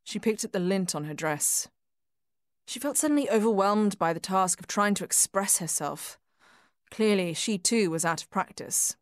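A woman reading a literary story in a soft, measured, often hushed voice on a close microphone. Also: mid-range voice, expressive, no echo. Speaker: narrator. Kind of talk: scripted audiobook narration.

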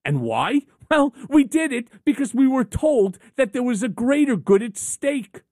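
A woman's voice: sits high, very animated, measured pace, mellow, dry recording, studio quality. A woman hosting a call-in radio talk show, delivering an emphatic, rhetorical opinion monologue in short punchy sentences.

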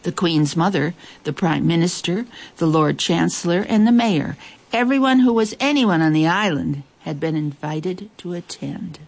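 Expressive woman reading a children's story. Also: on the low side, normal speed, vocal fry. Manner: lively, expressive, with playful asides.

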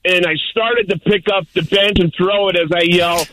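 A man's voice: high voice, fairly even intonation, moderate pace, pushed and bright, a little hiss or hum, rough recording. An older man calling in to a radio show, telling a rambling, boisterous story. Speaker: caller. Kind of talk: call-in radio chat.

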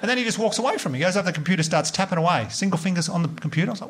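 Male stand-up comic: rapid-fire, animated storyteller, voice a touch high, faint hiss behind. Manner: animated, sweary storytelling with put-on quoted voices. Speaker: stand-up comedian.

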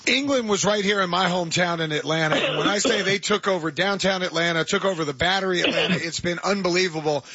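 A man hosts a sports radio show and chats with enthusiasm. His voice sits high and bright with a husky grain. The studio sound is dry and a bit dull. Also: fast, few pauses, no room sound. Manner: enthusiastic, chatty. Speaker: radio host.

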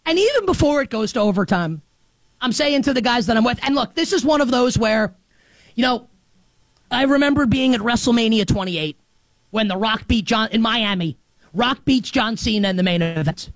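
A male sports host with a high, bright-edged voice, talking in an animated, emphatic rush. His delivery jumps from near-shouted peaks to quiet asides. The sound is close and dry, with no room around it. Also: moderate pace, dry recording. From New York. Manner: animated, emphatic, shifts between shouting highs and muttered lows. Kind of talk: excited sports commentary monologue.

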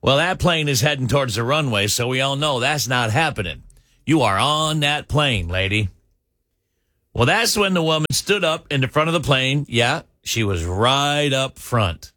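A male radio host telling a funny news story with animated asides to his listeners. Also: medium pitch, moderate pace, hardly any pauses, no echo, studio quality. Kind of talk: comedic radio news banter.

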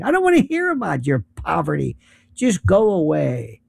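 A man's voice: on the high side, huge pitch swings, normal speed, creaky, a little mellow, husky, dry recording. A man giving a sarcastic commentary monologue, acting out the voices of the people he quotes.

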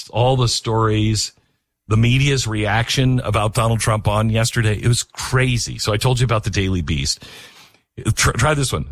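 Husky, lively older man hosting talk radio. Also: medium pitch, no echo. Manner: rambling, self-mocking, scattered. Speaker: radio talk show host. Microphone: studio microphone.

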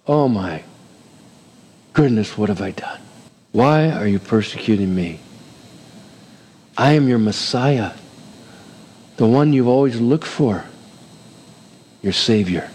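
A man's voice: mid-range voice, big pitch swings, measured pace, long pauses, mellow, in a large hall. A man preaching a sermon, reading scripture and acting out its figures with big swings in his voice. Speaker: pastor.

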